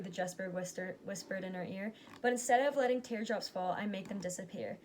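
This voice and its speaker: A woman reading a rhyming picture book aloud, giving its characters lively but plain voices. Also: mid-range voice, a little fast, a little hiss or hum. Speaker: reader.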